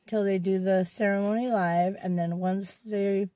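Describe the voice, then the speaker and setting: A woman's voice: mid-range voice, fairly even intonation, measured pace, warm tone, no room sound. Upbeat mom vlogger, chatty and playful, talking from her parked car. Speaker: vlogger and mother. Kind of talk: casual family vlog chat.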